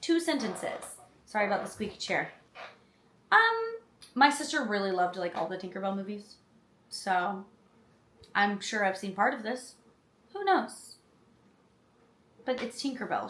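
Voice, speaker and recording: A woman's voice: a little high, a bit bright. A woman hosting a channel, chatting casually and reading film synopses aloud, with self-deprecating, apologetic asides. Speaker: channel host. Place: indoor room, seated on a chair. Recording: roomy echo.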